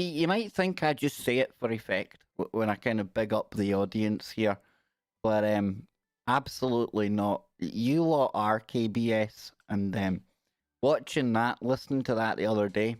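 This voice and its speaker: A man's voice: lowish voice, dry recording, studio quality. A middle-aged man, hosting a live stream in a chatty, rambling, joking way. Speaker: host. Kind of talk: casual live-stream chat.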